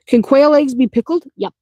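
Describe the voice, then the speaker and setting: Woman farmer, casual Q&A, mellow warm voice, chatty and practical, dry close sound. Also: high voice, a little slow, dry recording. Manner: chatty and practical, laughs easily, repeats points with "okay?". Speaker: small farm owner answering viewer questions. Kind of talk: casual Q&A explanation.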